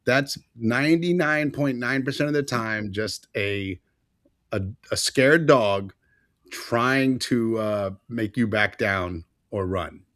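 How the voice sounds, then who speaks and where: A man hosting a podcast, telling stories in a casual, animated way and acting out what people said. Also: mid-range voice, slow pace, no echo, studio quality. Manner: animated storyteller, acts out quotes. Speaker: podcast host.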